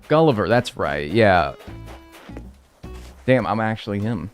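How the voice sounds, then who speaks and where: A man's voice: fairly low pitch, animated, unhurried, faint music behind. A man streaming gameplay live, chatting casually with his viewers, joking and swearing freely. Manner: talks to chat and thanks subscribers. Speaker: game streamer.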